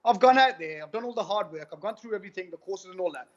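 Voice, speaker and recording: A man tells his story in a quick, high voice, piling up retold dialogue with "I go" again and again. The recording sounds muffled and lo-fi. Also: lively intonation. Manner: rapid, repetitive retelling with many "I go" quotes. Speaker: guest giving a testimonial. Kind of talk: animated personal storytelling. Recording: dull lo-fi recording.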